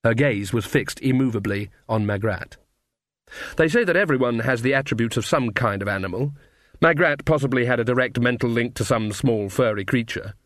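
A man narrates an audiobook in a measured, even storytelling style with a medium-pitched voice. The recording is dry and of studio quality.

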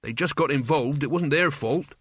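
A man's voice: fairly high pitch, moderate pace, a bit bright, husky, no echo. A man voicing an earnest young male apprentice in an audiobook, close to his own voice. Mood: pleading.

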